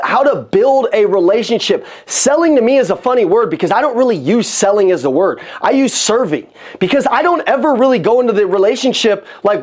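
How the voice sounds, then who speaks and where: A man giving an energetic motivational talk on sales to an audience, repeating phrases for emphasis. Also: sits high. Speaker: sales coach. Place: room with an audience.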